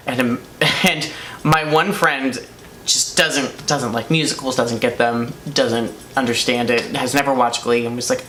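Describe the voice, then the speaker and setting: A young man co-hosting a casual chat and telling a self-mocking story with animated energy. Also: medium pitch, moderate pace. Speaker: co-host. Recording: echoey room, faint noise.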